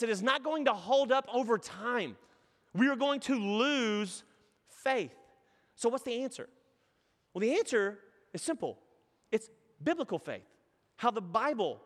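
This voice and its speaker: A man's voice: extremely high pitch, big-room sound. A man in his thirties preaching a sermon as pastor, telling stories animatedly and acting out voices. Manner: animated storytelling with acted-out voices.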